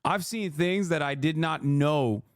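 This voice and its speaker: A man's voice: on the high side, measured pace, dry recording, clean studio sound. A man in his thirties streaming a reaction, ranting heatedly with profanity and sarcastic mimicry. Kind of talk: livestream reaction commentary.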